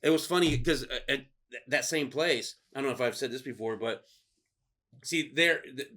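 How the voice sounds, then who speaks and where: Bright-voiced man telling rowdy stories. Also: mid-range voice, moderate pace. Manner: profane, laughing, acts out quotes loudly. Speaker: podcast host telling stories. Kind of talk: casual storytelling chat.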